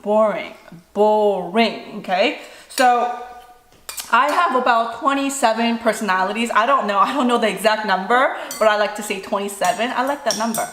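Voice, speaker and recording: A mother chats casually during a mukbang vlog in her home kitchen, her fairly high voice moving a little fast. She's animated, playful and pokes fun at herself while eating. The room echoes, dishes clatter faintly, and there's a slight hiss or hum.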